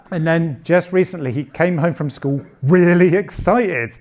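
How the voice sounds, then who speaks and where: A man's voice: high-pitched, very animated, extremely slow, long pauses. Bawdy British man in his fifties. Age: 50s. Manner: bawdy, conversational, punchy delivery. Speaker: stand-up comedian. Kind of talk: stand-up comedy set. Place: comedy club on stage.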